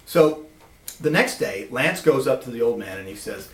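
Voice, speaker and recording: A man telling a personal story in a lively, animated way, recorded from a distance in an echoey room. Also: mid-range voice, moderate pace, creaky. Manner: animated, lively, acts out voices.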